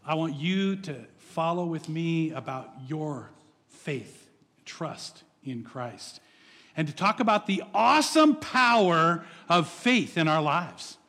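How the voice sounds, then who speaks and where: A man's voice: on the high side, animated, slow, pushed and bright, long reverb tail. A male pastor preaching an earnest, encouraging sermon, often repeating words as he goes.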